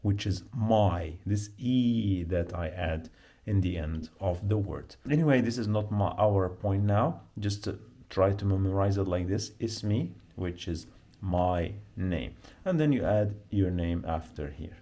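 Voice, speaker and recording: Low, mellow-voiced man teaching beginners. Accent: Arabic. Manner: slow, repetitive, drills pronunciation. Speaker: Arabic teacher. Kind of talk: beginner language lesson.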